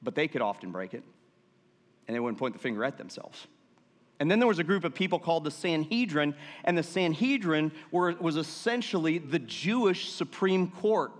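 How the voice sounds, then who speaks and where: A man's voice: a little high, normal speed. A man pastor preaching a sermon, reading scripture aloud and drawing the congregation in with call-and-response and jokey asides. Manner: lively, asks the congregation to repeat words aloud; jokey asides between verses. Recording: long reverb of a large hall.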